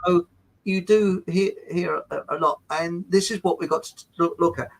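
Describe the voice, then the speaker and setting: A man's voice: high voice, steady tone, moderate pace, vocal fry, poor audio. An English man chatting as a guest, telling rambling anecdotes with frequent restarts. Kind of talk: casual chat.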